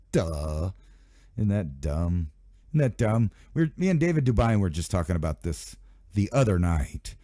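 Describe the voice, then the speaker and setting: A man's voice: lowish voice, warm tone, no room sound, clean studio sound. Sarcastic man rambling over news. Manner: rambling, sarcastic asides, mock voices of officials. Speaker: channel host. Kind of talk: casual commentary on news headlines.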